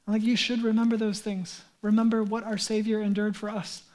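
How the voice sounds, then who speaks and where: A man preaching a sermon as a pastor, speaking fervently and emphatically, then closing in a soft, prayerful voice. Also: high voice, level tone, a little fast.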